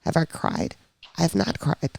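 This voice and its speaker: A middle-aged woman telling her own story in a casual interview, animated, blunt and candid. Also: normal speed, no room sound. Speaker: podcast guest sharing her diagnosis story.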